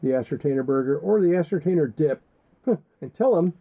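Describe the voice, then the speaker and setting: On the high side with lively intonation, this man co-hosts a podcast at a moderate pace. His casual talk rambles and jokes, with crude asides, captured in muffled lo-fi sound.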